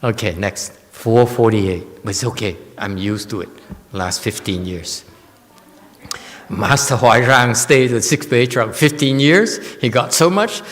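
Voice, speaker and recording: A man giving a Dharma lecture in a temple hall, speaking slowly and deliberately. He jokes wryly and teases the room. A long reverb tail hangs on each phrase. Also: mid-range voice, fairly bright tone. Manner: teasing, chuckling, wryly joking with listeners. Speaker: Buddhist teacher.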